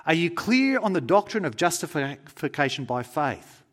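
A man voicing an officious male supervising angel who runs through brisk checklist questions in a sermon story. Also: fairly high pitch, very animated, a bit bright, voice pushed up.

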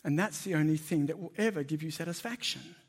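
A man preaches a sermon to his congregation in a conversational but emphatic way. He puts questions to the listeners and leans into his points. His voice sits a little higher than most men's. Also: quick pace, husky.

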